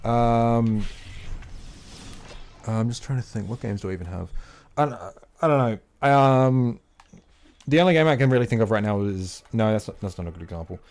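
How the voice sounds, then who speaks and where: A male game streamer chats casually while playing, out of breath, rambling and opinionated with lots of fillers and some swearing. His voice is on the low side, expressive and a little mellow, at a moderate pace with frequent pauses.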